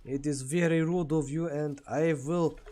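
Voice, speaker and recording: A man voicing a stereotypical stern Russian wartime commissar in a put-on Russian accent, speaking slowly and stiffly with mock severity. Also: fairly high pitch, fairly even intonation, mellow, pitched above the performer's own voice, close to an everyday voice. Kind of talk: casual live-stream joking.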